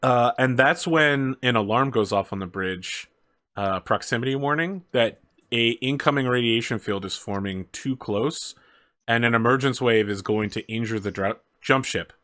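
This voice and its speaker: Male game master, mid-range voice, loose narrating with fillers. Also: medium pitch. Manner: relaxed storytelling with fillers and quick asides.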